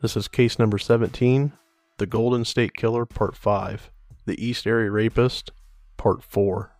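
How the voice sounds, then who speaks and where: Low-voiced man narrating true crime. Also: unhurried, no echo, faint music behind. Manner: steady, even-toned reading. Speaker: podcast host.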